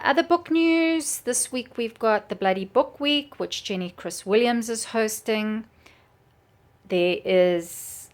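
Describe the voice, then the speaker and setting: Lady chatting away, lots of ums, lowish voice, middle-aged. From South Africa. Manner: chatty, many ums, enthusiastic recommendations. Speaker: book vlogger and author. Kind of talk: casual chat.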